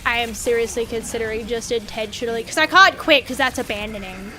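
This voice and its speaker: A woman's voice: a little high, fast talker, bright, forceful tone, slight background noise. A woman streaming a game in casual chat, dramatic and whiny, swearing freely as she talks.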